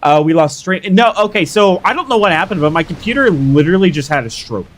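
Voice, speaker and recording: Young man, game streamer, hyped, slightly high voice, chatty with viewers. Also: quick pace, a little hiss or hum. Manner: excitable, hyped shouts while fighting. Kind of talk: live gameplay commentary chatting with viewers.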